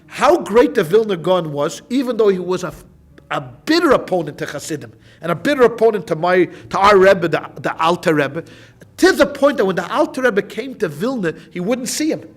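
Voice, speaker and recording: A man's voice: sits high, big pitch swings, normal speed. A man teaching a Talmud class as a rabbi, telling a story in a loose, informal way, with many restarts and repeated phrases.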